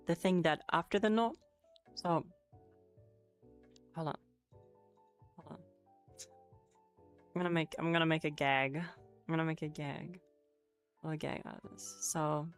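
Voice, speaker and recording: Woman, low voice, casual live-stream lesson, giggly, swearing, headset mic, faint background music. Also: clean tone. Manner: giggly, swears, chatty and loose. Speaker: streamer teaching Japanese. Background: faint music playing.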